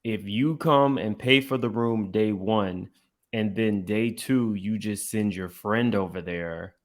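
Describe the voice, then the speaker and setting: A man's voice: on the low side, takes it slowly. A man hosting a reaction commentary, blunt and opinionated, talking straight to his viewers. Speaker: commentary host. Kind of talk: reaction commentary on podcast clips.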